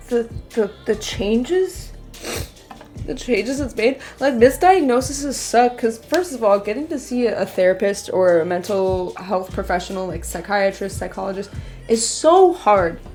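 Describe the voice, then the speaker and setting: A woman's voice: mid-range voice, darkish tone. A young woman streamer chatting candidly and emotionally with her viewers as she paints. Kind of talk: casual livestream chat.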